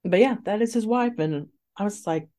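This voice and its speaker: A woman's voice: medium pitch, normal speed, dark tone. Chatty, laughing woman podcast co-host. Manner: chatty, laughs often, rambling. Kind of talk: casual chat.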